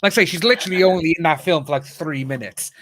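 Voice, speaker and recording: A British man chatting casually on a live stream, animated and laughing often, acting out what other people said. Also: on the high side, fast talker. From United Kingdom. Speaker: YouTube commentator co-hosting a live stream. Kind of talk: casual chat.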